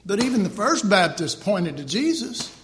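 A man's voice: high voice, very animated, moderate pace, a bit bright, echoey room, slight background noise. A man preaching an informal sermon in a conversational, joking way, correcting himself as he goes and acting out mock quotes.

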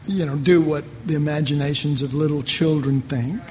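A middle-aged man preaches in a high voice, casual and rambling, often circling back over his own words. His voice carries a long hall reverb, with a faint wash of ambient noise under it. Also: steady tone, normal speed, a little mellow. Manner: rambling, conversational, repeats words. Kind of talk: sermon.

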